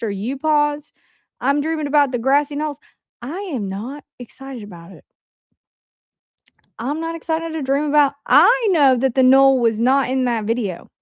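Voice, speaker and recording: Chatty woman with a high voice. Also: no echo. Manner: rambling, chatty storyteller. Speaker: podcast co-host. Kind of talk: casual livestream chat.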